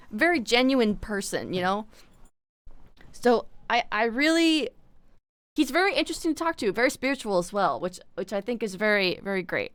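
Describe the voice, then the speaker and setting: A young-sounding woman streaming live, her voice fairly high and clean with a smooth finish. She chats in an excitable, rambling way, swearing freely as she goes. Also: no room sound. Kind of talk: casual chat.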